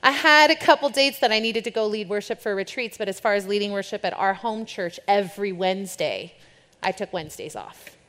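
A young adult woman, a worship leader, giving a candid, informal talk to a church group. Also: mid-range voice. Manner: chatty and candid, shifts into playful quoted voices. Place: church or event hall with an audience. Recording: long hall reverb.

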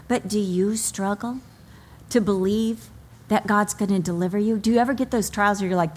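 A middle-aged woman, a pastor's wife, preaching a sermon and telling stories with acted-out quotes. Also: high-pitched. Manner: animated storytelling, acts out quoted voices. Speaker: pastor's wife and daughter, speaker. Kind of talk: sermon to a women's audience.

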